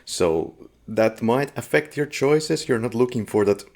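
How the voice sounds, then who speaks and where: A man hosting a podcast, giving film background in a relaxed, conversational way. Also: mid-range voice, unhurried, gravelly. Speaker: podcast host. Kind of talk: casual film discussion.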